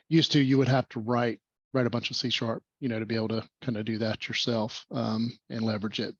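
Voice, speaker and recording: Guy hosting a meetup, chatty and rushed, lots of ums, muffled dry video call audio. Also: medium pitch, no room sound. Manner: rambling, fast, many fillers. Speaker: meetup host. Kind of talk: casual online meetup presentation.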